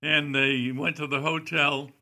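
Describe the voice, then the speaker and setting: An older man tells a story at an unhurried, slow pace, pausing often on "uh" as he gathers his thoughts. His voice is very bright and forceful, a little tense at the edges. It is a relaxed, rambling anecdote told to a listener. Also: on the high side. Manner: rambling, halting with frequent "uh" fillers. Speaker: storyteller recalling a celebrity visit. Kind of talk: casual anecdote.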